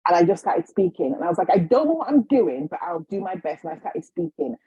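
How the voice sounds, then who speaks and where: A woman being interviewed as a guest healer, telling her story in a lively way and acting out the voices of the people in it. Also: on the low side, fast talker, breathy edge, no room sound. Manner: animated, acts out quoted voices. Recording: slightly dull lo-fi recording.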